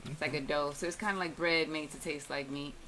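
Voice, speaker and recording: Low-voiced woman explaining her food. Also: steady tone, a little fast, background noise. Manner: plain, matter-of-fact explaining. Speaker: guest, vegan restaurant owner. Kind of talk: casual interview answers. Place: radio studio.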